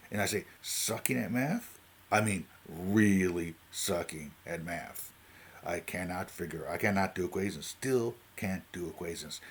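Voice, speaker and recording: Deep-voiced Newfoundland guy, late forties, rambling unprepped vlog. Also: slight background noise. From Newfoundland, Canada. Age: 40s. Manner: rambling, jumps between tangents, keeps asking "right?". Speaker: vlogger. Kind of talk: unscripted talk to camera.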